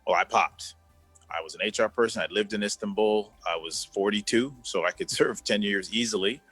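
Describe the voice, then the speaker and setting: A man in his fifties with a low voice speaks as an interview guest over a video call, earnest and deliberate. He repeats key words to press his point. Soft music plays faintly underneath. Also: breathy edge, dry recording. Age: 50s. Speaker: guest, former executive. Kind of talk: conversational interview.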